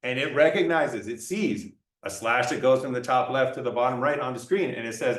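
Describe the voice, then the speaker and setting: A man's voice: mid-range voice, brisk. A man giving a classroom lecture in a playful way, acting out examples for students. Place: lecture room. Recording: roomy lecture room, mic far off.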